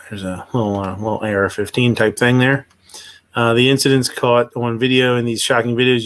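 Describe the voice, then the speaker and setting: A man hosts a casual livestream and reads through a news story as he talks. He wanders off track, stops to restart his sentences, and fills the gaps with ums and uhs. His voice sits at an ordinary middle pitch. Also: a bit bright. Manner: rambling, hesitant, many fillers and restarts. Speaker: livestream host.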